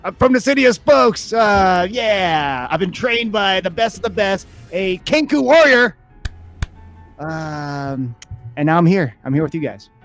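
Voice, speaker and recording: A man putting on an easygoing turtle warrior, chatty and friendly, his voice sitting a touch higher than the usual man's and staying fairly soft. He greets the table like an old pal in a tabletop game. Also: animated, unhurried, faint music behind, full character voice. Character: friendly young male turtle fighter from a city.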